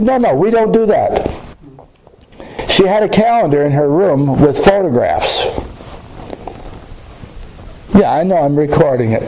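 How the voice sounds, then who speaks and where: Rambling older man with a gravelly voice. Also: sits high, darkish tone, a little hiss or hum, rough recording. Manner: rambling, halting, with restarts and hesitations. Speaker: storyteller recounting a trip. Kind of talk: casual spoken recollection.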